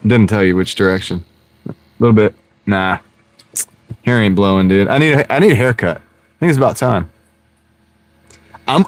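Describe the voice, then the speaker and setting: A man's voice: on the low side, dry recording. Chatty laughing man streaming from his car. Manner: rambling, jokey, laughs often. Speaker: livestream host chatting with viewers. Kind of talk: casual live-stream chat. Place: inside a car. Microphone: wireless clip-on microphone.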